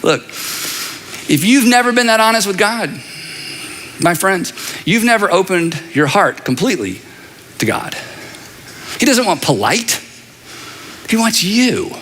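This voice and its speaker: A middle-aged pastor preaches with a high, bright voice that swoops widely as he talks. He keeps it conversational, repeating phrases and tossing in asides. His voice rings out with the long reverb of a large hall. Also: sing-song, takes it slowly, long pauses, a little hiss or hum. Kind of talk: sermon.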